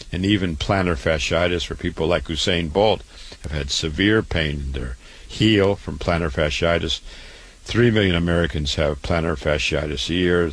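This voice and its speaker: Man, very low voice, doctor pitching his clinic, repetitive, long lists. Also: fairly bright tone. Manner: repetitive, listing. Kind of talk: promotional health talk.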